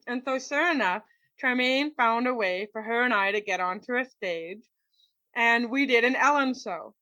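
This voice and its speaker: A woman from Canada, a guest in an interview, telling her personal story in a lively way and acting out what people said. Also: on the high side, unhurried, no room sound. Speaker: interview guest, motivational speaker.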